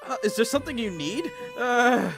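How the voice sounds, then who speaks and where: A man reading a visual novel aloud with joking commentary, laughing at himself and dropping low for the narration. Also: animated, normal speed, gravelly. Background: game music.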